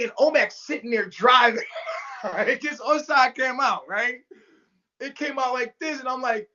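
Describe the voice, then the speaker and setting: This storyteller guest, a man, speaks at an extremely high pitch and a little fast, with a fairly bright tone. He swears freely while telling a story in casual talk, acting out every quote with big jumps in his voice. The audio comes through a remote call mic and sounds muffled.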